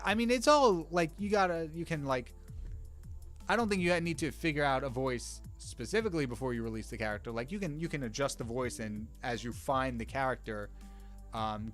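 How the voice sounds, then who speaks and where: Young male streamer, rambling casual chat, talks to viewers by name, faint music underneath. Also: medium pitch. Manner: rambling, self-interrupting, chats to viewers by name. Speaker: streamer drawing with live chat.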